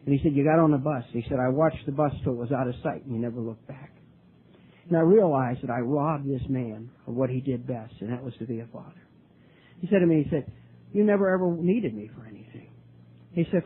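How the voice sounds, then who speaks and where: An older man speaking at a recovery meeting, telling his story earnestly, with many halting restarts. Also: on the high side. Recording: tinny lo-fi recording, faint hiss.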